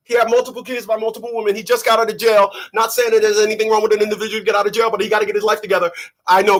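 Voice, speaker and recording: A man hosting his channel in a profane, emphatic rant, often shouting. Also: high-pitched. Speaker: channel host. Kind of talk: ranting commentary.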